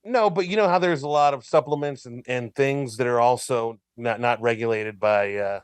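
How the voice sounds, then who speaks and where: A man, a regular on a podcast, chiming in with quick offhand remarks in casual chat. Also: medium pitch, clear, resonant tone, dry recording, studio quality.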